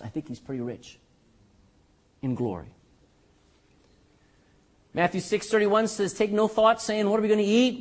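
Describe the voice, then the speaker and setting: An older pastor with a high voice preaches a sermon, animated and joking as he puts rhetorical questions to his congregation.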